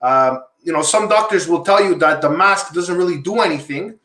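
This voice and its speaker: A man's voice: fairly high pitch, moderate pace, sharp tone, roomy sound. A man hosting a casual panel discussion, rambling and repeating himself as he makes his points. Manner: rambling, repeats himself, asks guests questions. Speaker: podcast host.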